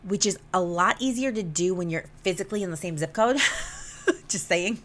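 Speaking at a moderate pace in a fairly low voice, a young woman shares a personal story on her podcast in a raw, emotional monologue. She swears freely and animatedly acts out the conversation.

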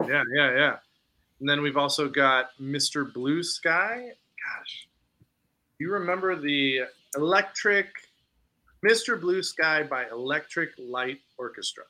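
Bright-voiced upbeat man co-hosting. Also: a little high, slow pace. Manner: laughs often, upbeat and chatty. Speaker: podcast co-host. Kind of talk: casual chat.

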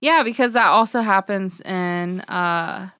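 A woman's voice: mid-range voice, slow pace, a bit bright, clear, resonant tone, no echo, studio quality. A young woman guest on a podcast who chats playfully about a film, teasing the host and laughing often. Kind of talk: casual film chat.

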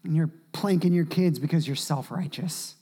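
Male pastor, sermon delivery, very animated, wide swings from shouting to near-whisper. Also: on the high side, normal speed, slightly rough.

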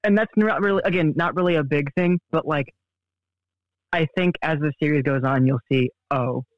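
A man appearing as a guest on a casual book podcast, speaking in a relaxed, thoughtful way. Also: on the high side, moderate pace, no echo, dull audio.

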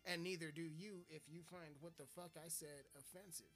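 A man rants in a crude, profane, mock-offensive way, as if daring the listener to take offense. His voice sits a little high for a man. Faint music plays under him. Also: fairly even intonation, normal speed, a bit bright. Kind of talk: profane comedic rant.

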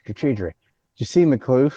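Blunt, ranting man with a mellow voice. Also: medium pitch, lively intonation, a little slow, husky, dull audio. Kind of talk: casual political chat.

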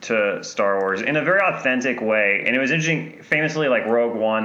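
A man co-hosting a podcast in casual, joking chat with deadpan asides. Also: fairly low pitch, roomy sound, highs cut off. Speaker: podcast co-host.

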